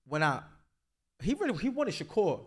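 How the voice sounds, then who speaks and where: A young man, a boxer, telling stories in a casual interview, animated and slangy, full of "like" fillers. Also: sits high, normal speed, slightly rough.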